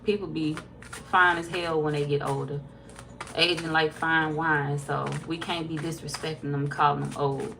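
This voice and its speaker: A woman's voice: deep voice, level tone, normal speed, creaky, fairly bright tone, slight background noise. Laid-back woman chatting on a livestream. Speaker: tarot reader. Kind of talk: casual livestream chat reading viewer comments.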